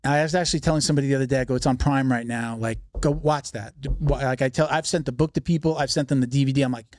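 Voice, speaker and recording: A man's voice: medium pitch, steady tone, a little mellow, no room sound, studio quality. A man telling a long personal story in casual podcast talk, swearing freely and acting out the voices of the people he quotes. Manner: fast, profane storyteller who acts out quoted voices. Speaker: podcast guest.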